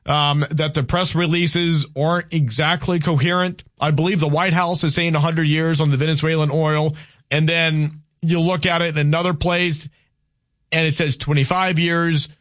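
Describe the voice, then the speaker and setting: A man's voice: on the high side, level tone, normal speed, fairly bright tone, no echo, clean studio sound. A Southern American man hosting a call-in radio talk show, talking with many restarts and repeated words, and arguing firmly with callers.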